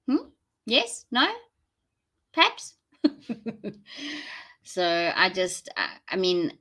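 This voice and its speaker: A woman's voice: mid-range voice, a bit bright. A woman with a South African accent, chatting casually and rambling to viewers during a live stream, laughing often. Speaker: livestream host.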